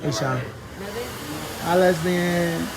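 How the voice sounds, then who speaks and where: A man's voice: on the high side, extremely slow, over a noisy crowd. A man hosting a casual talk show in a barbershop, teasing his guests and laughing often. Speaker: host. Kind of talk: casual chat.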